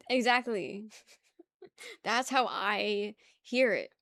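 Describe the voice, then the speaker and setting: A woman's voice: fairly high pitch, very slow, a bit bright, no room sound. A young woman from the New area, chatting casually on a stream, rambling, laughing often and reading chat aloud. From New York area.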